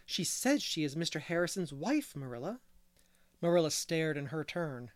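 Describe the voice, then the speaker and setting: A man reading a classic novel aloud as narrator, measured and unhurried. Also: on the high side, very animated, no echo. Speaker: audiobook reader. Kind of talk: scripted narration.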